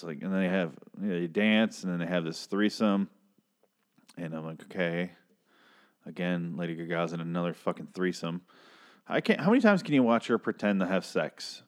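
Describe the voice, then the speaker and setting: A man casually recapping and reviewing a TV episode, blunt and profane, rambling with frequent restarts. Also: low-pitched.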